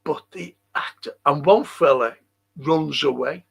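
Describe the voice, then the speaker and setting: A man's voice: a little high, a little slow, gravelly, slightly rough. An older man hosting a livestream, rambling casually, swearing and chuckling as he reads out viewer comments. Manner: rambling and profane, chuckling often. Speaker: livestream host.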